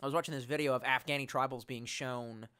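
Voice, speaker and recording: A man streaming live and reading his chat, animated and profane, swinging between loud outbursts and mumbled asides. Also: mid-range voice, fast, clear, resonant tone.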